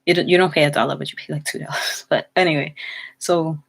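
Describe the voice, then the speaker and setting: Low-voiced young woman, rambling storyteller. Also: fairly even intonation, quick pace, vocal fry, husky. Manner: rambling, meandering, with many fillers and restarts. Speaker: vlogger. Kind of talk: casual storytelling.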